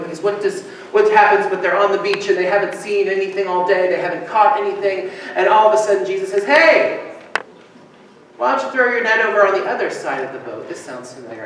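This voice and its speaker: A male pastor preaching a sermon and telling stories with lively delivery, now and then acting out the people he quotes. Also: sits high. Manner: animated storytelling, acting out quoted voices. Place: church sanctuary. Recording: echoey church from far off, with faint hiss.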